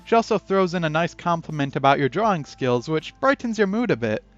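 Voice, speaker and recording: Playing through a text game, a man narrates it aloud in a chatty, casual way, pausing to throw in his own remarks. He sounds high and animated, speaking briskly, over dull lo-fi audio with faint music.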